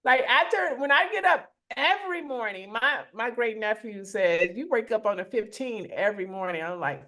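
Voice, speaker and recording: Animated, high-voiced woman co-host. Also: moderate pace, hardly any pauses. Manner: animated, playful storytelling. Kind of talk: motivational live chat.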